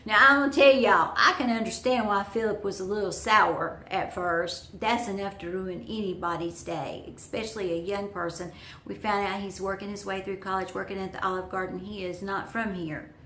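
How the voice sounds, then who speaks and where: A woman's voice: mid-range voice, steady tone, moderate pace, a bit bright, roomy sound, slight background noise. Chatty woman telling a story. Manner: chatty, folksy storyteller who speaks to viewers directly. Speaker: vlogger. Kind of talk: storytelling vlog.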